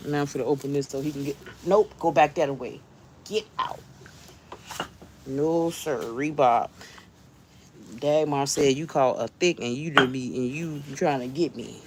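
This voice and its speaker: A woman's voice: low voice, moderate pace, slight background noise. A woman vlogger talking casually to her viewers, chatty and jumpy, laughing often as she frets.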